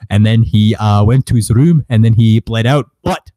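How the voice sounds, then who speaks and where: A man's voice: fairly low pitch, normal speed, warm tone, no echo. Brief: male podcast co-host, casual swearing banter, dry close mic. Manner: profane, jokey, laughs often. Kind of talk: casual movie review chat.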